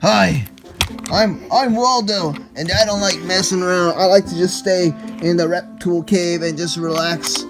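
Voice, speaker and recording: A man's voice: high-pitched, moderate pace, over music, pitched below the performer's own voice. A man voicing a laid-back male toy raccoon who avoids danger, in a drawling, easygoing way.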